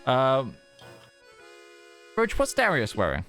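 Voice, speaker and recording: A man's voice: mid-range voice, takes it slowly, faint music behind. Game master for a tabletop stream: a man with a widely swinging voice who laughs easily. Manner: lively, laughs easily, prompting players with questions. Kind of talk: running a tabletop game, casual chat.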